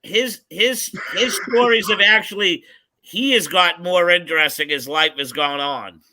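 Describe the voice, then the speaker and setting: A man's voice: sits high, measured pace, pushed and bright. A man hosting a casual interview show, easygoing and laughing often. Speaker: host. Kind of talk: casual chat.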